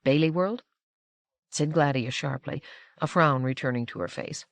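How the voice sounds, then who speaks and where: A woman reading a novel aloud as an audiobook narrator, with measured, expressive storytelling. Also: very deep voice, creaky, dry recording. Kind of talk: scripted narration.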